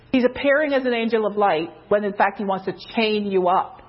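A woman preaching an informal sermon, loose and conversational, with many fillers, who jumps higher in pitch when she quotes someone. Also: a little fast. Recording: dull lo-fi recording.

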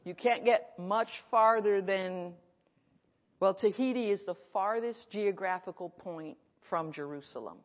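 A woman pastor preaching an animated sermon at a conference and acting out her dialogue, recorded in an echoey hall. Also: mid-range voice, a little slow. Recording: echoey hall, dull sound.

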